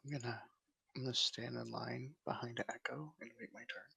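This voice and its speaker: A man's voice: mid-range voice, fairly even intonation, normal speed, creaky, pushed and bright, slightly rough. A man playing a tabletop game, blunt and casual, who swears freely. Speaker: player.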